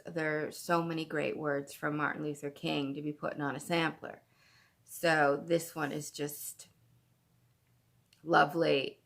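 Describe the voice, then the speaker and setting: A woman from Canada hosting a craft podcast at home, chatting casually in a gushing, excitable way. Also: deep voice, vocal fry. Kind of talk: casual chat.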